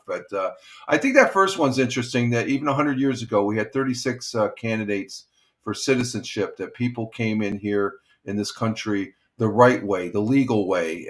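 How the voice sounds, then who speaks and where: An older man with a somewhat low voice hosts a relaxed morning livestream. He rambles, trails off and fills the gaps with ums and uhs. He has a plain way of speaking. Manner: rambling, halting with many fillers. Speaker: livestream host. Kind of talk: casual morning chat.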